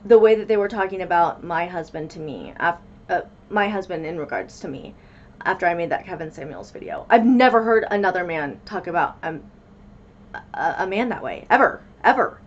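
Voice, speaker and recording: A woman vlogger telling a story in an animated, emphatic way. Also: fairly low pitch, brisk, lo-fi sound. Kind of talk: commentary vlog.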